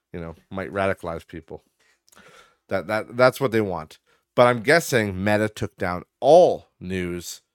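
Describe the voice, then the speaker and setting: A man's voice: on the low side, clear, resonant tone, no echo, studio quality. A man hosting a podcast, ranting bluntly and profanely with lots of fillers. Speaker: podcast host. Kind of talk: casual ranting podcast monologue.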